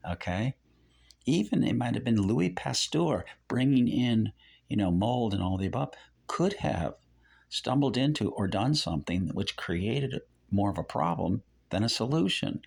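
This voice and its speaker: A man's voice: lowish voice, creaky, breathy edge. An older man giving rambling religious teaching. He repeats phrases and keeps correcting himself.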